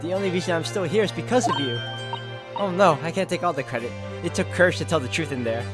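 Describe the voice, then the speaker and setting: A man voicing a polite, formal young female assistant, reading game dialogue softly. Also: a little high, fast, lightly acted. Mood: gentle. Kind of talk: game dialogue read aloud. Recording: loud game music behind.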